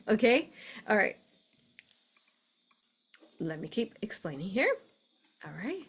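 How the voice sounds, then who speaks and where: A woman's voice: a little high, animated, a little slow, long pauses. A woman from the United States hosts a spiritual live stream in a loose, chatty way. She gushes, laughs often and keeps saying fillers as she talks her viewers through images on her screen. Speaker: host of a spiritual live show. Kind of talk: casual live-stream talk.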